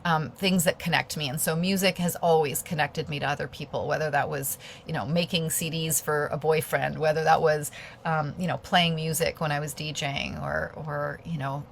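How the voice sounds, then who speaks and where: Woman guest on a video call, low gravelly voice, rambling and enthusiastic, faint noise behind. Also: a bit bright. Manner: rambling, many fillers and restarts; lights up with enthusiasm. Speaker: guest speaker. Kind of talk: casual talk on a video call.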